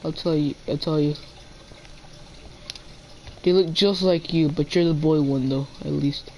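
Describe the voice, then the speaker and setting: A man's voice: on the high side, fairly even intonation, a little slow, mellow, a little hiss or hum, rough recording. A teenage boy chatting casually while playing a video game, playful and talking to the animals in the game. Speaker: gamer. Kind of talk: casual gameplay chat.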